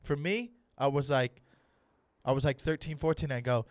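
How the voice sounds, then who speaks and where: A young man, a comedian hosting his own podcast, ranting loudly in a mock-serious way and swearing for emphasis. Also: medium pitch, normal speed, dry recording, clean studio sound. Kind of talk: solo comedic rant.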